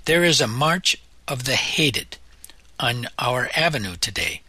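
A man's voice: mid-range voice, big pitch swings, unhurried, sharp tone, breathy edge, no room sound, exaggerated voice. A man voicing a self-driving car that announces things in a sonorous voice. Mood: formal.

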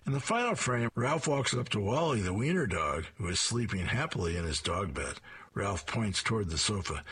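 Raspy-voiced man reading comics aloud. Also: on the low side, expressive, normal speed, fairly bright tone. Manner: descriptive, with chuckled asides. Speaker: comic strip reader.

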